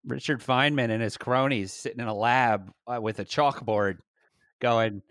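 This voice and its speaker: A man co-hosting a casual podcast chat, talking in an animated way and acting out little quoted voices. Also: medium pitch, normal speed, dry recording, clean studio sound. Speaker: podcast co-host.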